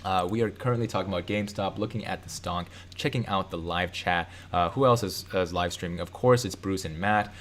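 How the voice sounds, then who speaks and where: Low-voiced man hosting a casual livestream. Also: a little fast, hardly any pauses, fairly bright tone, slight background noise. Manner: loose and rambling, many fillers and self-corrections. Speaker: live-stream host. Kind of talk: casual live-stream chat, reading viewer comments.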